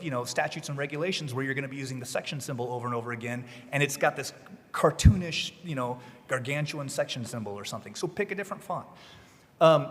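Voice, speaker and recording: A man's voice: a little high, a bit bright. Man giving a talk in a reverberant hall. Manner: conversational, explanatory, emphatic advice. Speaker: legal writing presenter. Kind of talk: conference talk. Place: conference room. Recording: long reverb of a conference hall.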